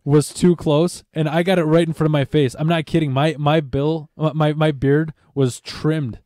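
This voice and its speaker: A man's voice: fairly high pitch, little pitch movement, normal speed, mellow, no room sound, studio quality. A man hosting a podcast, telling a story in loose casual chat, swearing often and stammering through restarts. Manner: rambling, profane, stammers and restarts. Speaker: podcast host.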